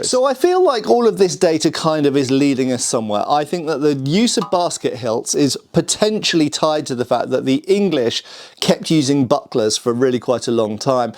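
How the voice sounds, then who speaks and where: A man's voice: on the high side, darkish tone. A man from the United Kingdom, host of a sword history channel, talking casually to camera, thinking aloud and asking viewers what they think. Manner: chatty, thinking aloud, asks viewers questions. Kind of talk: casual explanatory talk to camera.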